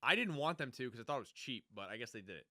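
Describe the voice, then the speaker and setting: Bright-voiced man recapping a show. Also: mid-range voice, no room sound, studio quality. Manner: animated, acts out characters in quick impressions. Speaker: podcast co-host. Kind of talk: casual chat recapping a TV show.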